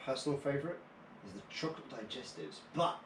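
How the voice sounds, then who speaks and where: A man co-hosting a casual whisky tasting podcast, playful and quick to laugh. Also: medium pitch. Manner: playful, animated, laughs often. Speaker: podcast co-host. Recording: distant camera mic in echoey room with faint noise.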